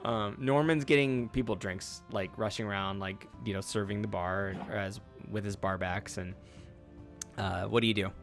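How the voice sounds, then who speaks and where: A man's voice: lowish voice, steady tone, moderate pace, soft background music. A man narrating a tabletop game as game master, in a casual, rambling way.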